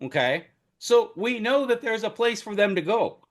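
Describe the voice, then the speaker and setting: Man, podcast co-host, animated storyteller, fairly high voice, booms when excited. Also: normal speed. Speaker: podcast co-host who covered a trial as media. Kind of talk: casual podcast chat.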